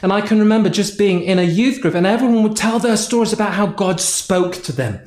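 A pastor from North Yorkshire, England, delivers a sermon in an echoey room, his high-pitched voice brisk and darkish in tone. He tells a personal story and acts out his own frustrated prayers.

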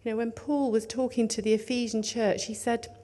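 A woman preaching a sermon in an earnest, conversational way, dropping to hushed tones and rising for emphasis. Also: a little high, little pitch movement, a little fast.

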